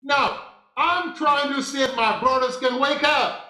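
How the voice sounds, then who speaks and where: High-voiced man preaching slowly. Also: fairly even intonation, sharp tone, roomy sound, poor audio. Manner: slow, preachy, repeats phrases for emphasis. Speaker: spiritual teacher. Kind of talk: preaching monologue.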